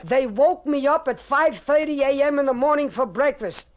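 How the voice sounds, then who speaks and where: High-voiced man telling one-liners. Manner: rapid-fire one-liners. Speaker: stand-up comedian. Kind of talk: stand-up comedy monologue. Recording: crackly vinyl record with clicks.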